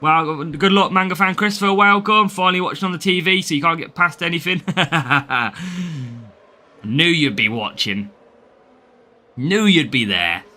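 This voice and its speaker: Chatty English streamer, slightly higher voice, reads chat and greets viewers. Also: male voice, measured pace, bright, forceful tone. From England. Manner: chatty, greets viewers by name, laughs often. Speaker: game streamer. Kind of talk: live gameplay stream, reading chat.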